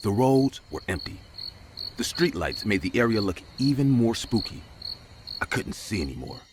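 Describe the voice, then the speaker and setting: A man's voice: big pitch swings, moderate pace, background noise. A man narrating a scary story in a dramatic scripted style. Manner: dramatic, with big swings of pitch.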